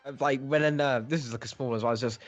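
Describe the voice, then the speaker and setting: A man's voice: medium pitch, fairly even intonation, fast talker, no room sound, faint music behind. Man, podcast co-host, casual film chat, rambling, laughs a lot, dry dull-sounding mic.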